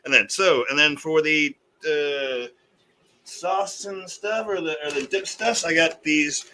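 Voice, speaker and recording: A man's voice: fairly high pitch, slow pace, pushed and bright. A man chatting upbeat and casually as a guest on a live video call, with playful exclamations. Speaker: guest on a live beer show. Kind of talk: casual live-stream chat.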